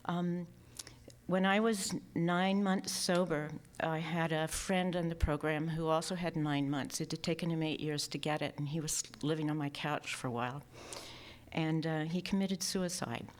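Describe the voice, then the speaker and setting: A low-voiced woman gives a heartfelt remembrance at a memorial. She speaks softly and with emotion, often sinking to a near whisper. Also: fairly even intonation, moderate pace. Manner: soft and emotional, partly whispered. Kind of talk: personal remembrance speech.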